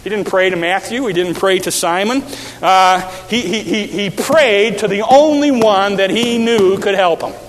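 High-pitched middle-aged preacher, tells it like a story, booming hall echo. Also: male voice, normal speed. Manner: storytelling, acts out quotes, builds to shouted peaks. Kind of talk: sermon. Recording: reverberant hall.

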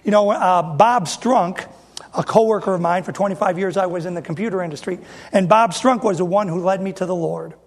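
A man's voice: high-pitched, brisk. A middle-aged man preaching a sermon as an independent Baptist preacher, emphatic and repeating phrases as he speaks straight to the congregation.

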